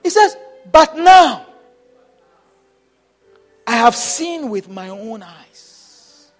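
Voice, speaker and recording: A man's voice: extremely high pitch, big pitch swings, very slow, faint music behind. A man preaching a sermon, repeating his phrases and urging his listeners on with emphatic exhortation.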